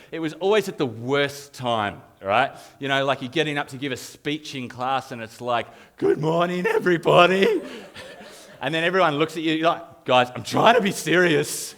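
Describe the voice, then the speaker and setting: Australian male youth leader, a touch high-pitched, animated and self-deprecating, live stage talk. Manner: animated, self-mocking storytelling, chuckling often.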